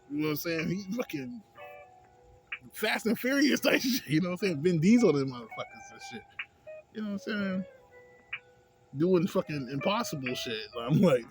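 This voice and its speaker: Dude rambling bout a movie, cussing a lot, kinda high voice, music blasting in back. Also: male voice, animated, brisk. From a city. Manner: slangy, profane, loose, full of filler tags. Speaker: vlogger reviewing a movie. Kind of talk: casual rambling movie review. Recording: music playing loudly behind.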